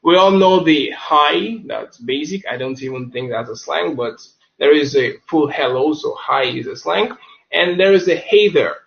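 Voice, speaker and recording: Male tutor, fairly high voice, casual webinar delivery, dull lo-fi sound. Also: animated, a little slow, creaky. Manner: chatty, loose, self-correcting, says the same word several times over. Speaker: online English teacher. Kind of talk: webinar lesson on slang.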